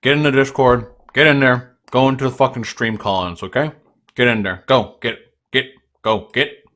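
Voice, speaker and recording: A young man rants at his livestream viewers in a combative, mocking tone, full of swearing. His voice sits at an ordinary middle pitch for a man. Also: fairly even intonation, moderate pace, a bit bright. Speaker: livestream host. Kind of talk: ranting livestream chat with viewers.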